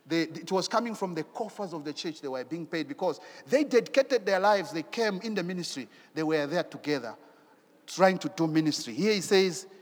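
A man preaching a sermon in an animated way, asking rhetorical questions and repeating his phrases. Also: high-pitched, big-room sound.

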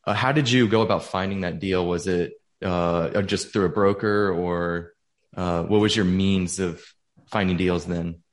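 A man's voice: low voice, steady tone, a little slow. A man hosting a podcast, asking a guest questions with brief encouraging interjections. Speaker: podcast host.

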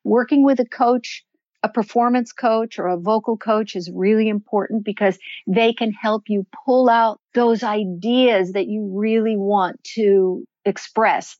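Measured woman coaching on voice, lo-fi. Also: on the high side, a little mellow, no echo. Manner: measured, instructive, slows to stress points. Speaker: performance and voice coach guest. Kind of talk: interview answers, explaining.

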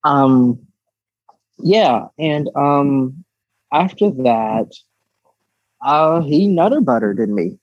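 A man in his twenties, a guest in a casual interview, talking frankly and giggling, with many halting restarts. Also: fairly high pitch, expressive, dry recording, lo-fi sound.

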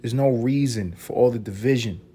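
Profane joking man with a dark husky voice. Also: medium pitch, normal speed. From Puerto Rico. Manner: animated, profane, riffing with sudden loud bursts. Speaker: podcast host. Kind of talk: casual comedic monologue.

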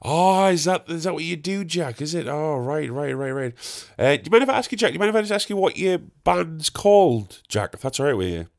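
A man's voice: a little high, lively intonation, fairly quick, vocal fry, few pauses, voice pushed up. A man voicing a chatty middle-aged gardener who keeps asking permission before each question and repeats the listener's name. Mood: nosy.

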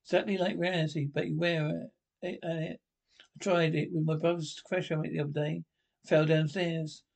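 A man's voice: on the high side, flat delivery, normal speed, creaky. An actor playing a simple young man who rambles about how brilliant everything is, in a sketch comedy show. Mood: gushing. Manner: childlike enthusiasm, rambling.

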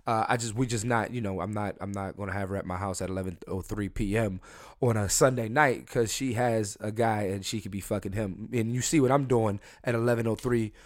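A young man hosting a solo podcast from his room at home, drunk and high, talking loosely and jokingly, with mumbled asides that break into loud emphatic bursts. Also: a little fast. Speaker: podcast host. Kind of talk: casual solo podcast rant.

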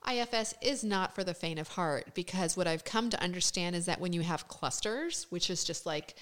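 A woman's voice: fairly low pitch, a bit bright. A woman in her thirties hosting a casual podcast conversation, explaining things candidly and swearing freely. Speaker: podcast host.

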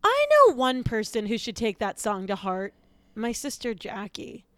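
A woman acting as a gawky sixteen-year-old girl hosting her own talk show, fumbling through jokes and muttering asides. Her voice is a bit high, smooth and clear. It sounds close and dry. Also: huge pitch swings, measured pace, a bit bright, no room sound, full character voice. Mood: grumbling. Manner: awkward, self-conscious, trailing off into asides. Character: awkward teenage girl talk-show host. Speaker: host of a comedy podcast. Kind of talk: scripted comedy podcast.

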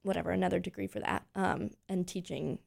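Chatty young woman with gravelly edge. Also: lowish voice, a little fast. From Pennsylvania, USA. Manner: chatty, animated storytelling with lots of fillers. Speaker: guest, voice teacher. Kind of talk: casual interview chat.

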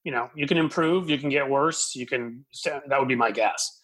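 Man host, bright and husky, blunt casual talk. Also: medium pitch, moderate pace, rough recording. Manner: blunt, swears freely. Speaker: podcast host. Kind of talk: casual podcast chat.

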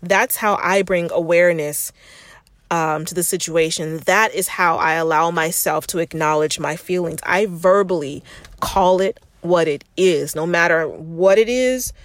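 A woman's voice: on the low side, measured pace, no room sound. A woman hosting a candid self-help podcast, talking frankly and reflectively to the listener as if to a sister, thinking aloud with restarts. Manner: frank, confiding, addresses listener as sis. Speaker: podcast host.

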